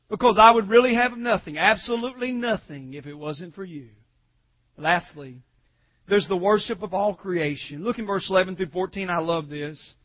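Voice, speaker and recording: A man preaching a sermon in a very high voice, rising from soft asides to shouted, near-tearful peaks. He has the congregation repeat lines back to him. The recording sounds dull and lo-fi. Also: normal speed. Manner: swells from quiet asides to shouted, crying climaxes.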